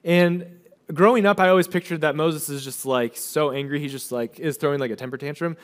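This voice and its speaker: A man's voice: on the high side, fairly quick. A young adult male pastor preaching a sermon, retelling scripture in casual, chatty paraphrase and acting out the figures' words in his own voice.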